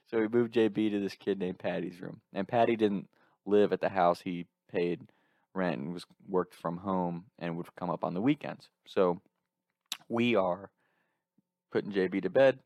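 A man in his twenties casually telling an animated story, laughing through it. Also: low voice, moderate pace, no echo.

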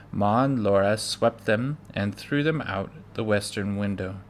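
Man, storybook read-aloud, very slow, measured with small stumbles, faint hiss. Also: on the low side. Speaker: reader. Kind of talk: reading a children's book aloud.

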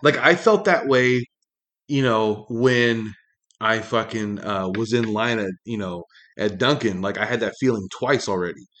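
A man hosting a talk show, ranting in a loose, profane monologue full of fillers, his pitch jumping up when he gets angry. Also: a little slow, a bit bright. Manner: rambling, heavy swearing, many fillers, pitch jumps when angry. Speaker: podcast host.

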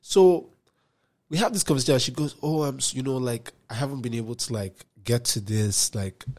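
A young man from Nigeria, a podcast guest telling a story in casual chat, swinging between loud outbursts and low muttered asides. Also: moderate pace.

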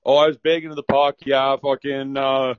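A man's voice: mid-range voice, flat delivery, moderate pace, smooth, no room sound, lo-fi sound. A Canadian man talking as a guest in casual chat, laid-back, rambling and swearing a lot.

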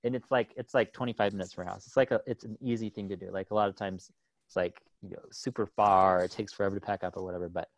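A man's voice: on the low side, fairly even intonation, fast talker, no room sound. A man in his thirties chatting casually as a podcast co-host, rambling with lots of "like" and "right?" and laughing often. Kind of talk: casual chat.

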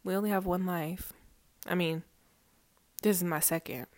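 A woman's voice: on the low side, fairly even intonation, moderate pace, dry recording. A young woman vlogger chatting candidly to her followers, rambling, swearing and laughing, emotional and near tears. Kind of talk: casual chat to followers.

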